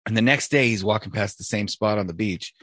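A man's voice: on the low side, fairly quick, a bit bright, no echo. A man hosting a casual podcast, telling jokes in a laid-back way with hesitant fillers. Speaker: podcast host.

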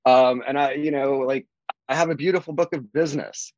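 A man's voice: a little fast, muffled recording, a little hiss or hum. Chatty man with lots of fillers. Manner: rambling, many fillers, lively swings in pitch. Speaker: real estate agent guest. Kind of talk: casual interview talk.

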